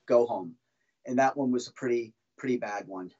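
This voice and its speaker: A man telling his own story as a podcast guest, halting and restarting often as he talks. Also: medium pitch, a little mellow, dull audio. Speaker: guest, former band drummer. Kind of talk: casual podcast interview storytelling.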